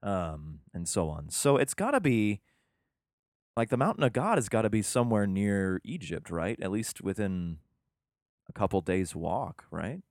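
A man with a fairly low voice reads scripture aloud in a mock-solemn cadence, then drops into casual, profane, sarcastic asides. The sound is dry and close. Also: big pitch swings, unhurried, no echo. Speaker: reader commenting on scripture. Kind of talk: casual irreverent commentary with scripture reading.

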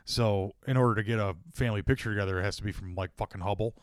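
A man's voice: on the low side, very fast, dry recording. Podcast co-host, male, foul-mouthed joker, dry recording. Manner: crude, joking storyteller, laughs often. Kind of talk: casual chat.

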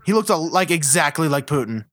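Sarcastic guy on a movie podcast, bright forceful voice, a bit high, swears a lot. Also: very animated, fairly quick, no room sound, clean studio sound. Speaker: podcast co-host. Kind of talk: casual movie-review chat.

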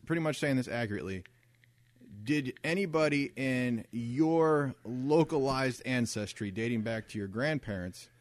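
A man co-hosting a podcast in casual chat, rambling and restarting his sentences, getting animated when he argues a point. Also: mid-range voice, no room sound. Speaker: podcast co-host.

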